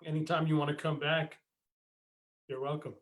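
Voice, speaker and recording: This American wrestling-podcast host has a fairly high voice and talks at normal speed. He tells stories casually, swearing, laughing, and acting out other people's voices in his anecdotes.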